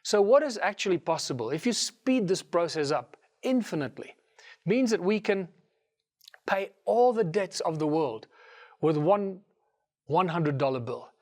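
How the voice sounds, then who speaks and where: A middle-aged man with a South African accent telling a story in a lively way and giving the characters their own voices. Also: sits high, moderate pace. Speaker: speaker. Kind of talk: storytelling talk.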